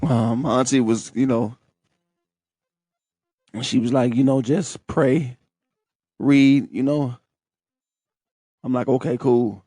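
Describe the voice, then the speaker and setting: A man's voice: mid-range voice, steady tone, takes it slowly, long pauses, dark tone, dry recording, clean studio sound. A young man hosting a podcast, telling a personal story in a candid, profane, emotional way. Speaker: podcast host.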